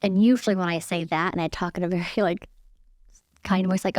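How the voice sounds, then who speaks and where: A woman real estate agent as an interview guest, calm and easygoing as she talks. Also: fairly low pitch, a little fast, dry recording, studio quality. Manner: calm, easygoing, laughs easily. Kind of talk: casual interview chat.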